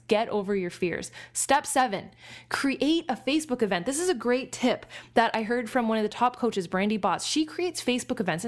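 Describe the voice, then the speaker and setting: A woman business coach giving a coaching talk, speaking fast and energetically in a chatty way. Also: mid-range voice.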